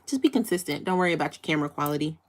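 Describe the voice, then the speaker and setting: A bubbly young American woman hosting a casual livestream, chatting with viewers and reading their comments. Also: racing. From United States. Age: young adult. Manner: bubbly, chatty, breaks into excited high squeals. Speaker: livestream host.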